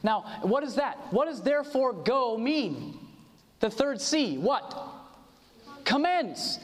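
A man preaches an earnest sermon, quoting scripture and asking for amens. His voice sits very high and moves a lot in pitch. A long reverb trails his words, as in a large hall. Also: very animated, slow pace, pauses often.

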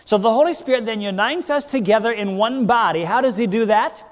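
A male pastor preaching a Bible study sermon, asking the congregation questions and answering them himself, with big swings between loud and soft. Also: high voice, a little fast. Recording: long hall reverb.

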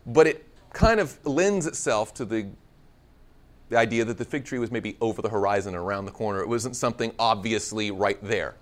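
A man preaching a conversational sermon, acting out scripture dialogue with playful humor. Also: mid-range voice. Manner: conversational, animated, acts out biblical dialogue with humor.

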